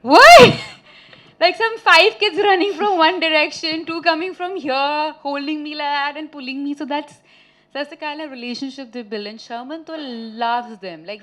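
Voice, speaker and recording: A woman in her thirties from India, an actress chatting with reporters at a press meet, telling lively anecdotes and laughing often. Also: high voice, normal speed. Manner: chatty, laughing, animated storytelling.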